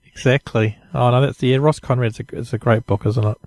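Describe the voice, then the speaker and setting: A man's voice: medium pitch, normal speed, darkish tone, dry recording. A man hosting a podcast interview, friendly and hesitant, repeating words and agreeing often. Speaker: podcast host. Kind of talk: casual interview chat.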